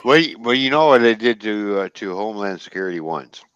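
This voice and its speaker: A man's voice: on the low side, lively intonation, fairly quick, a bit bright, smooth, dry recording, lo-fi sound. A Canadian man hosting a casual live stream, telling a story and acting out both sides of the conversation. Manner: storytelling with laughs, acts out both sides of a dialogue. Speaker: stream host.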